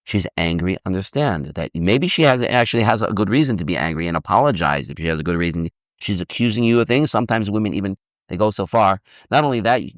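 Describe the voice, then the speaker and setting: A rabbi gives an informal lecture on marriage and takes questions from the audience. His voice is low and his pace brisk; he's animated, repeats words, and acts out dialogue. The recording is dry, dull, and lo-fi.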